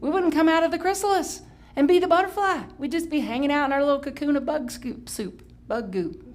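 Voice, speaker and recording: A woman pastor preaching a Sunday sermon in a chatty, playful way, breaking into sudden high exclamations and correcting herself as she goes. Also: brisk. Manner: chatty, with restarts and self-correction. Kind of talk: live-streamed Sunday sermon.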